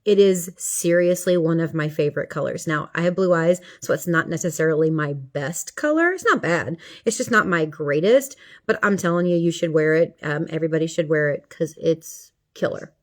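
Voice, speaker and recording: A woman's voice: deep voice, expressive, moderate pace, few pauses. A middle-aged woman talking viewers through a makeup tutorial in a chatty, playful way. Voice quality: chatty, playful, talks to viewers as she works. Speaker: makeup vlogger.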